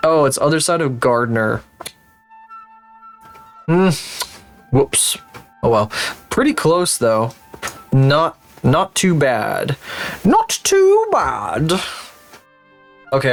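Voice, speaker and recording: A man's voice: medium pitch, vocal fry, fairly bright tone. A man commentates his own game on a live stream, rambling from thought to thought and swearing easily. His voice sits in an ordinary middle register. Faint music plays underneath. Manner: rambling, swearing, thinking aloud. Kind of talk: casual livestream commentary while playing a geography game.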